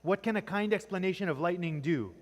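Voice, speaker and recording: A man's voice: high-pitched, fairly quick. A man teaching a class on poetry in a church classroom. He keeps quizzing the students and ends nearly every point with "right?". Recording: long echoing reverb.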